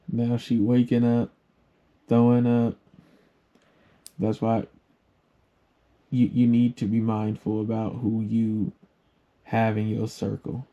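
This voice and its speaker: Gravelly slow-talking man commenting. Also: lowish voice, warm tone. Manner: slow, reflective. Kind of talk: casual commentary. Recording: muffled lo-fi recording.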